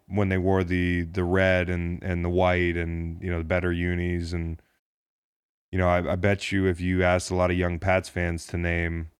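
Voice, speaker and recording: A man's voice: sits low, smooth, dry recording, studio quality. A man co-hosting a casual sports podcast, talking in a jokey, profane, rambling way with lots of restarts. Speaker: podcast co-host.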